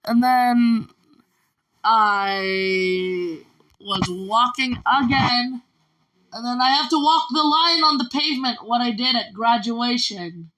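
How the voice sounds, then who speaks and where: A woman vlogger rambles through a personal story, linking every event with "and then." Her voice is a little high and fairly bright, and she speaks slowly. The audio quality is poor.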